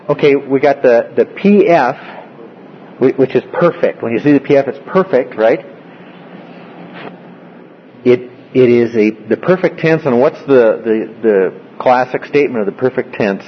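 A man teaching a Bible study class, moving through the text step by step and often stopping to ask the group whether they follow. His voice sits in a middle register. The recording is dull and lo-fi, with faint hiss behind him. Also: medium pitch. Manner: explanatory, asks frequent check-in questions.

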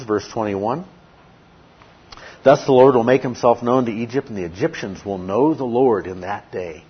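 Husky-voiced male Bible teacher, emphatic. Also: fairly low pitch. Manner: emphatic, asks and answers his own questions. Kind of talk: verse-by-verse sermon. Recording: dull lo-fi recording.

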